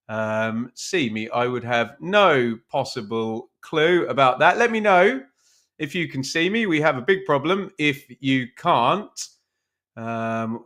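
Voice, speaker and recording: A man hosts a football watch-along live stream from his room at home. His voice sits a little higher than most men's, and he talks in a chatty, self-mocking way, reading out viewers' names. The sound is picked up at his computer. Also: fairly bright tone. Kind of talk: casual live-stream chat. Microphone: webcam stream at his computer.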